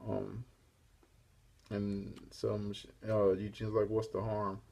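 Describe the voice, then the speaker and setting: Man, low voice, husky, rambling laid-back comic recap. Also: completely flat delivery, slow, dark tone. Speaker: comic book reviewer. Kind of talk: casual spoken comic recap.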